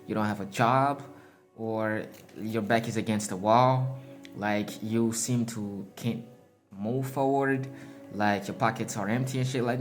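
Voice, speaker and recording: A man talking straight at the listener in a loose, freewheeling motivational monologue. His speech is emphatic and crude, heavy with swearing and street slang, and he chuckles at his own phrasing. His voice sits at an ordinary middle pitch. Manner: emphatic, profane slang, laughs at himself. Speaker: motivational speaker.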